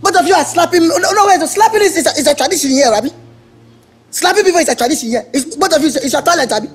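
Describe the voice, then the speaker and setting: A man playing an excitable young electrician who stammers and protests dramatically. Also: very high-pitched, racing, soft background music. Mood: indignant. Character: excitable young male electrician, indignant and mocking. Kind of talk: Nollywood film acting.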